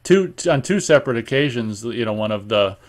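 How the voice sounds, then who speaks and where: A man's voice: mid-range voice, expressive, brisk. An easygoing man in his forties from Minnesota, with a mid-range voice. He chats casually and thinks aloud as he goes, dropping mild swears now and then. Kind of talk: casual chat.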